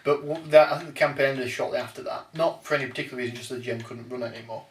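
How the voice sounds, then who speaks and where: A man's voice: medium pitch, very fast. Guy, hesitant casual chat, kinda far from the mic in an echoey room, faint hiss. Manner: hesitant, restarts sentences. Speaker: podcast host. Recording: roomy echo, off-mic, faint noise.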